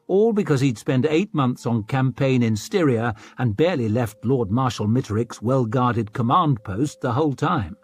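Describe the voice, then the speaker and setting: A man's slightly rough, mid-range voice carries a scripted audiobook narration at an even, measured storytelling pace, with no echo in the recording.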